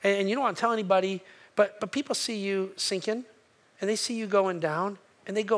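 Pastor guy preaching in church, pretty high voice, chatty, keeps asking the room "right?". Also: fairly even intonation, fairly quick, a bit bright. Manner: conversational preaching, checks in with listeners with "right?". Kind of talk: sermon. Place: church sanctuary.

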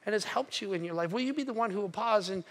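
Bright, high-voiced animated male preacher. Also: quick pace. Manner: animated storytelling, acting out voices. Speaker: pastor. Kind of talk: sermon.

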